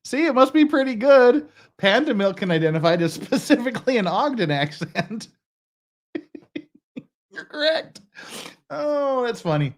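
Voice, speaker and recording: A man's voice: very high voice, sing-song, measured pace. A man from Utah commenting sarcastically on police footage, joking and laughing often. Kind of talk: live-stream commentary.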